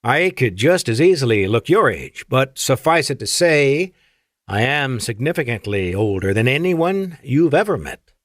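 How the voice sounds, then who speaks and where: A man's voice: mid-range voice, big pitch swings, a bit bright, no echo, clean studio sound. Man voicing an ancient alien admiral, Afrikaans-tinged. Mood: formal. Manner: formal, measured speech. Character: ancient alien male admiral, grave and courteous.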